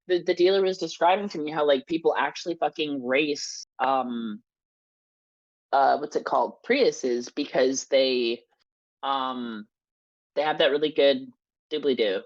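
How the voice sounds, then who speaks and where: A woman's voice: low-pitched, measured pace, highs cut off. A woman co-hosting a podcast, chatting casually, swearing freely and laughing as she tells stories. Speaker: podcast co-host. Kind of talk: casual chat.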